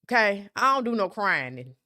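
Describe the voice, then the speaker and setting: A woman's voice: mid-range voice, sing-song, moderate pace, pushed and bright, dry recording, clean studio sound. A young woman from South Memphis with a Southern accent, talking candidly and emphatically on her solo podcast. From South Memphis, USA. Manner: candid, emphatic, keeps asking "right?". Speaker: podcast host.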